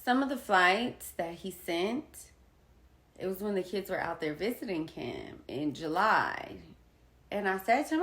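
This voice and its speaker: A woman's voice: medium pitch, big pitch swings, unhurried, fairly bright tone, roomy sound. A woman candidly retelling a personal co-parenting story to her viewers, acting out quoted conversations. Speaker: vlogger sharing personal experience. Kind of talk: casual personal storytelling to camera.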